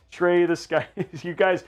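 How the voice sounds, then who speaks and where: A man's voice: sits high, highs cut off. A man hosting a livestream in casual chat, rambling and joking at his own expense. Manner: rambling, playful, self-mocking. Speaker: livestream host.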